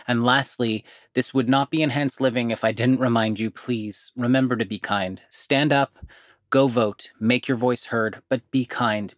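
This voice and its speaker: An earnest male podcast host speaking at a middle pitch, direct and practical. He slows down carefully when he reads out numbers and adds the odd casual aside. The recording is dry and close, with no room sound. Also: dry recording. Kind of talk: informational podcast talk.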